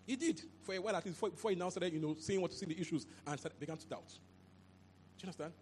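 Pastor preaching, high voice, keeps asking "you understand?", little hum behind. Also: male voice, very fast. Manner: animated, repeats phrases, asks "you understand?". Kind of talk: sermon. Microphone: handheld mic.

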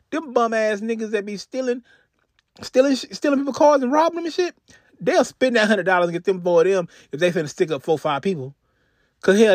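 Animated Texan man telling a wild story. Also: high voice, no room sound, clean studio sound. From Houston, Texas. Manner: animated, profane, swings into character voices. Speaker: podcast host. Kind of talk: profane comedic storytelling.

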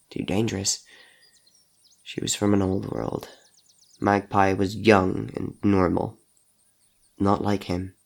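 A man narrates an audio drama in steady, measured sentences. His voice sits low with a gravelly edge.

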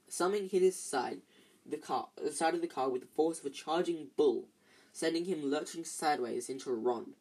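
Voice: mid-range voice, warm tone, breathy edge. An amateur reader, tired, reading a novel aloud with frequent slips and restarts. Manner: stumbles and restarts often, tired.

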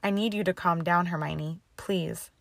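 A woman's voice: lowish voice, steady tone, measured pace, gravelly, no room sound, clean studio sound. McGonagall, a woman voicing a stern headmistress. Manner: clipped, firm, scolding. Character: stern older Scottish-styled headmistress, strict.

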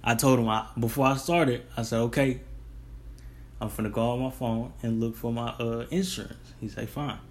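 A man's voice: mid-range voice, normal speed, slight background noise. A young man, casually telling a long rambling story about his delivery job. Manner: rambling, restarts, relaxed colloquial. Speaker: delivery driver.

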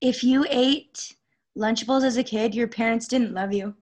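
A woman's voice: a little high, fairly even intonation, moderate pace, a little mellow. A young woman co-hosting a podcast, chatting casually with blunt, playful jokes. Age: young adult. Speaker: podcast co-host. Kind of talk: casual chat.

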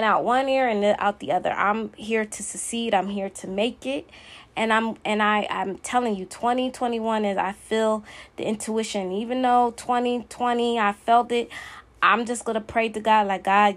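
A woman hosting her own podcast, giving a blunt, emphatic motivational monologue that keeps repeating its key points. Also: medium pitch. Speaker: podcast host.

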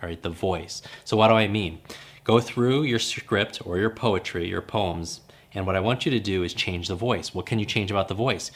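Deep-voiced man coaching with emphasis. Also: normal speed. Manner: emphatic and coaching, repeating key phrases. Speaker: memory coach hosting a podcast. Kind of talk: instructional podcast talk.

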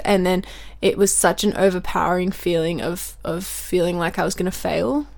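A woman's voice: lowish voice, fairly even intonation, moderate pace, creaky, darkish tone. A young woman, co-hosting a podcast in casual chat, thinking aloud in a reflective way. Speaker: podcast co-host.

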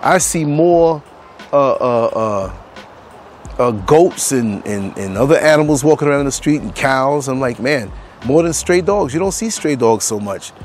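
A man's voice: mid-range voice, a little hiss or hum. A man hosting his podcast outdoors on a street, talking in an earnest, emphatic way and repeating phrases for stress. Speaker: podcast host. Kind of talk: reflective monologue to camera. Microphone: clip-on mics.

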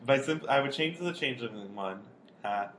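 A man's voice: medium pitch, lively intonation, moderate pace, a bit bright, a little hiss or hum. A young man co-hosting a podcast in casual chat, laughing a lot as he tells anecdotes. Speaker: podcast co-host.

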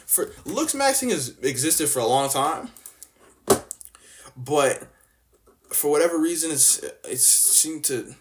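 A man's voice: fairly high pitch, expressive, slow, long pauses, slight background noise. Young adult man from Canada, blunt slang-heavy vlog rant with a mocking edge. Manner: slangy, blunt, mocking, lots of filler words. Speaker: vlogger. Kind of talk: casual opinion rant.

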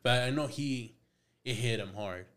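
A tattoo artist appears as a podcast guest, telling stories in a casual, profane, slangy way, sprinkling in Spanish phrases and acting out both sides of old conversations. His voice is medium-pitched and a bit bright, at a measured pace.

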